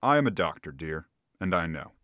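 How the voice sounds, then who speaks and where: A man voicing a calm, condescending physician husband who soothes and patronizes. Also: sits low, fairly quick, dry recording, clean studio sound, pitched below the performer's own voice. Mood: soothing.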